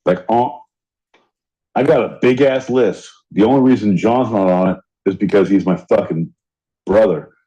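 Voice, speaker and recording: A man's voice: lowish voice, normal speed, mellow. A man co-hosting a podcast in casual chat, heated and swearing freely as he rants. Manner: heated, profane ranting. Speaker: podcast co-host. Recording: dull lo-fi audio.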